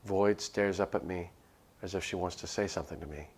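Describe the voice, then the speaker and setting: A man reads a spooky visual novel aloud on stream, voicing the narrator in first person. His delivery is nervous and earnest, with small slips he corrects. His voice is very deep and gravelly. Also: steady tone, fairly quick, darkish tone, a little hiss or hum. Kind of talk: dramatic first-person reading of a game script.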